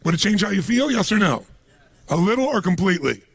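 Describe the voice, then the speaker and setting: Gravelly, raspy-voiced motivational speaker man. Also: high-pitched, fast talker, no room sound. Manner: animated storytelling, acts out quoted voices. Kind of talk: motivational seminar talk.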